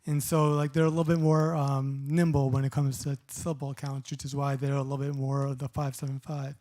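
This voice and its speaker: Halting, dark-toned man reading poetry. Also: medium pitch, level tone. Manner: halting, many restarts and fillers when explaining. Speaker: poet giving a reading. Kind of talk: poetry reading with casual explanation.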